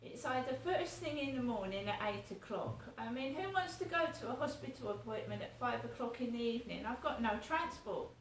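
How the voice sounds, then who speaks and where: A woman's voice: fairly high pitch, expressive, a little fast, hardly any pauses, a little hiss or hum. A woman vlogging in a rambling, indignant monologue, swearing as she talks. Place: home flat. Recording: roomy echo, distant from mic.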